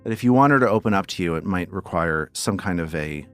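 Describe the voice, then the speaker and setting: A man running a tabletop game as game master, narrating in a relaxed way and often repeating words as he thinks. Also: sits low, fast, clear, resonant tone, soft background music.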